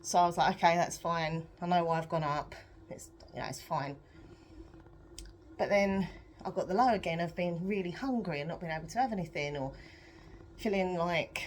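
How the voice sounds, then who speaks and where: A young adult British woman chatting in a rambling, self-deprecating way on a home vlog, her voice a bit croaky, laughing often. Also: fairly low pitch, a little mellow, slight background noise. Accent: British English. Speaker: vlogger. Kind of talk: casual confessional vlog chat.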